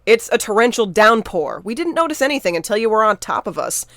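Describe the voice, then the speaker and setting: A woman's voice: fairly high pitch, very animated, fairly quick, fairly bright tone, dry recording. A woman voicing a wry young man who talks in a dry, teasing, sarcastic way in an audiobook. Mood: exasperated.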